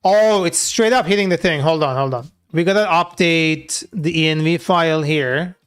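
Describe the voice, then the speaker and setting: A man's voice: a little high, normal speed, clean tone. A man talking loosely through a live coding session, with many filler words and casual swearing. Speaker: software developer streaming his coding work.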